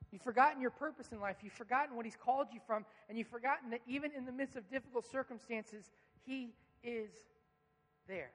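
Man, pastor, sermon, earnest, high voice, echoing church hall. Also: a bit bright. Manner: earnest, questioning the congregation.

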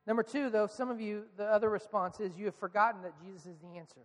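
A pastor preaches with a high, earnest voice, putting question after question to his congregation. His words ring out in a long reverb, as if through a large church. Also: steady tone, fast, fairly bright tone. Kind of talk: sermon.

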